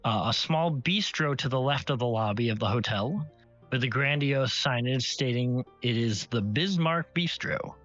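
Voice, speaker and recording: A man acts as game master for a tabletop game, describing scenes in detail and often correcting himself mid-sentence. His mid-range voice is fairly bright at a moderate pace, and the stream audio is slightly muffled with faint music.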